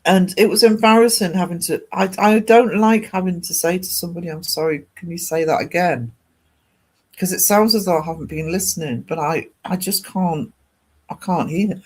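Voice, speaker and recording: A man's voice: high voice, normal speed, slightly rough. A man from Northeast England with an English accent, chatting casually with viewers on a live art stream in a rambling way. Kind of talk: casual chat while streaming.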